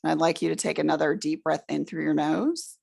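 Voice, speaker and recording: Calm, slow woman with a gravelly voice. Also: sits low. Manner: slow, calm, soothing instructions. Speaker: speaker leading a guided exercise. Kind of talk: guided relaxation exercise. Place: presentation room with an audience.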